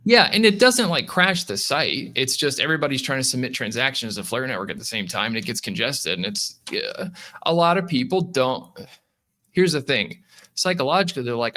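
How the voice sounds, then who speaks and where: A man's voice: mid-range voice, moderate pace. A man guesting on a casual crypto podcast, talking animatedly and acting out what users say. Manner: animated, acts out users' voices. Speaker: guest from a lending app.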